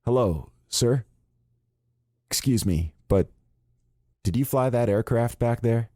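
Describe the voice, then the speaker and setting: A man's voice: medium pitch, takes it slowly, warm tone, dry recording, clean studio sound, pitched above the performer's own voice, natural voice. A man voicing a polite, earnest young male pilot in an audiobook.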